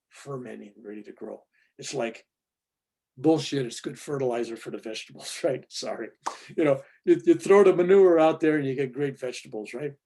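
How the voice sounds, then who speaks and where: A male reverend answering a student's question in an informal spiritual talk, animated and acting out the voices he quotes. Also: medium pitch, creaky, breathy edge.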